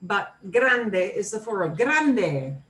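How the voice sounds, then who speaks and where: An American woman teaching a beginners' Spanish class, slowly modeling each word for her students to repeat. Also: mid-range voice, very animated, a bit bright. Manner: slow, clear modeling of words for repetition. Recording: room mic from a distance, faint noise.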